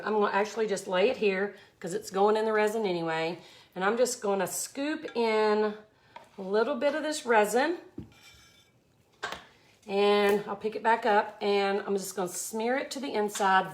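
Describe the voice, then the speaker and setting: A woman's voice: mid-range voice, slight background noise. Effusive Southern woman from Mississippi, talking viewers through a live resin art demo. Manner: chatty, effusive, exclaims often.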